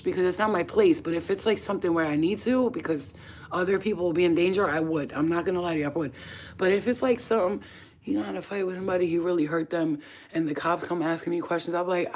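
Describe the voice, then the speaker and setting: A woman casually chatting to her viewers at home, blunt and profane, animated and sometimes dropping to a soft whisper. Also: fairly low pitch, a little fast. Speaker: spiritual channel host. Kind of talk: casual straight-to-camera chat.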